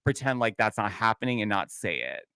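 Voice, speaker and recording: A young man co-hosting a casual recap chat, talking fast with lots of "like" and joking asides. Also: lowish voice, sing-song, bright, forceful tone, clean tone, no echo. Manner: fast, filler-heavy, joking. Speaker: podcast co-host.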